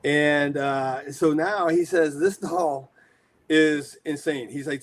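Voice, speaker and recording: A man in his forties from the United States, telling rambling, animated stories as a guest in a casual interview. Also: fairly high pitch, takes it slowly. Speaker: guest, horror shop owner.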